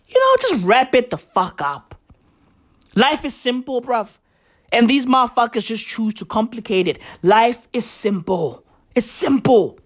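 A woman delivering a comedic podcast rant, rambling and profane, full of slang. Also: mid-range voice.

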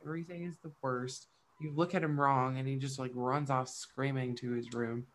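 A woman's voice: extremely low pitch, steady tone, moderate pace. A woman in her thirties telling funny stories about her kids in a casual podcast chat, swearing freely and acting out quoted voices. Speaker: podcast co-host.

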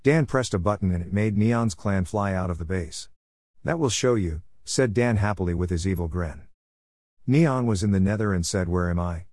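Low-voiced man reading a story. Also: moderate pace, darkish tone, no room sound, studio quality. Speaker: narrator. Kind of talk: reading a children's story aloud.

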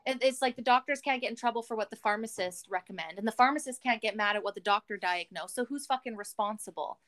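A Canadian woman hosting a podcast, chatting casually in an animated, ranting way and swearing often. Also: fairly high pitch, quick pace. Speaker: podcast host.

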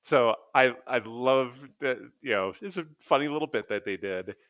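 A man's voice: mid-range voice, lively intonation, normal speed, fairly bright tone, dry recording. A man co-hosting a casual podcast, chatting loosely with fillers and laughing easily. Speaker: podcast co-host. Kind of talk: casual chat.

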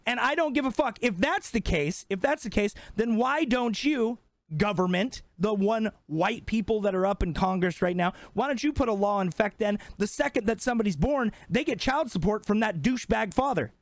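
Young man, high-pitched, dry close sound, heated profane rant, podcast co-host. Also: animated, normal speed, no echo. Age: 20s. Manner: profane, fired up, emphatic.

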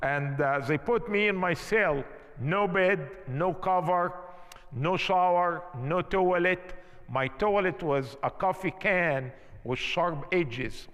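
A man from Egypt with an Egyptian accent preaches a testimony, speaking emphatically in imperfect English. His voice sits high and his delivery is slow and deliberate. The sound carries the long reverb of a church hall. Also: fairly bright tone. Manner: emphatic storytelling, non-native grammar. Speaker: pastor. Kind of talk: sermon testimony.

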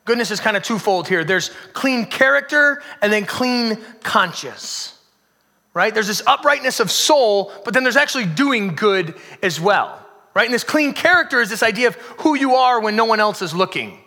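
A male pastor preaching with a high, bright voice. He moves from energetic, emphatic bursts to soft, hushed lines, with long reverb from a hall around him. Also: moderate pace. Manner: dramatic swings from loud emphasis to hushed near-whisper. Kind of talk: sermon.

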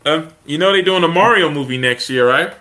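A man hosting a casual show, talking in an animated way and laughing often. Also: on the high side, brisk. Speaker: podcast host. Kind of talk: casual chat.

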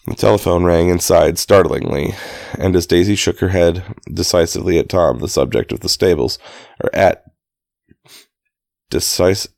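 A man with a very low, gravelly voice reads a story aloud in an easygoing, unpolished way. He often stumbles, backs up and corrects his words. The sound is close and dry. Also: normal speed, a little mellow, no echo. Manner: casual, stops to restart and correct himself. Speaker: reader. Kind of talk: amateur audiobook reading.

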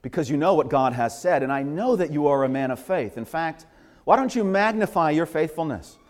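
A man's voice: fairly high pitch, animated, fairly quick, close to an everyday voice. A man voicing a sly male tempter spirit who coaxes and wheedles, in a long hall reverb. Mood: coaxing. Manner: smooth, wheedling persuasion.

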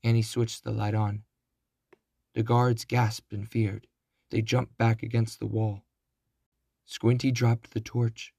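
A man reads a children's chapter book aloud at an unhurried, deliberate pace. His voice sits in a mid range, close and dry. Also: mid-range voice, level tone, vocal fry, dark tone, breathy edge, no room sound. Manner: slow, deliberate. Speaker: narrator. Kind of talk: children's storybook reading.

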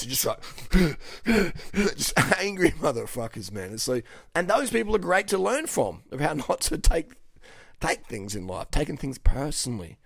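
A man's voice: mid-range voice, gravelly, no room sound, studio quality. A middle-aged man from Western Australia, a coach talking bluntly and profanely, often asking "okay?". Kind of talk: casual monologue to camera.

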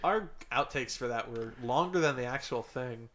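A young man chatting on a podcast, dry and wry as he recounts old mishaps. His voice sits at a middle pitch for a man. Faint clicks and noise sit behind him. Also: moderate pace, fairly bright tone. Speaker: podcast co-host. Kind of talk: casual chat.

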